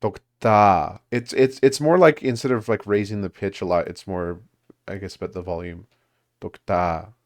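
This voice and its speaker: A man's voice: on the low side, lively intonation, brisk, darkish tone. A man leading a language study group, explaining grammar casually with many fillers and restarts. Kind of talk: casual teaching over a call.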